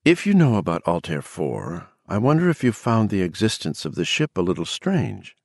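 Brief: male narrator playing an eerily calm possessed woman, condescending, low lively read, dry sound. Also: moderate pace, creaky, no echo, heavily acted. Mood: cool. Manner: cool and condescending. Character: cold woman taken over by an alien presence. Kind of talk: audiobook character voice.

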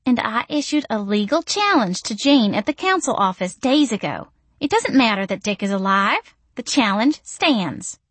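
A woman's voice: fairly high pitch, big pitch swings, moderate pace, a bit bright, dry recording, pitched above the performer's own voice. A woman voicing a catty, scheming female vampire rival who coos in a saccharine way. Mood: cooing. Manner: cooing, saccharine.

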